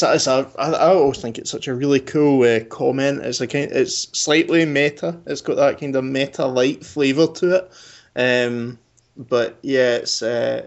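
A man's voice: mid-range voice, dull audio. A man hosting a podcast, chatting casually and rambling with many fillers. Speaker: podcast host.

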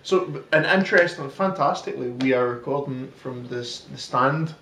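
A man's voice: medium pitch, moderate pace, bright, forceful tone, slight background noise. A man co-hosting a podcast, joking and rambling in casual banter with frequent laughter, recorded in a comedy club room. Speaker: podcast co-host. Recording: roomy sound from a distant mic.

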